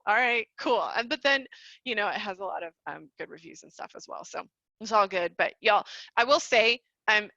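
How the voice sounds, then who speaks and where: A woman teaching a live online class in a bright, forceful voice, chatty and quick to laugh. Her audio is dry and a little dull, like a computer mic on a video call. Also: mid-range voice, lively intonation, no echo. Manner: chatty, laughs often, calls listeners y'all. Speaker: online course host.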